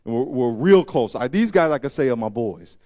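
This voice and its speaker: A man preaching a sermon as pastor, emphatic and repeating phrases, swinging between loud preaching and quiet asides. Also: medium pitch, animated, a little fast, dry recording.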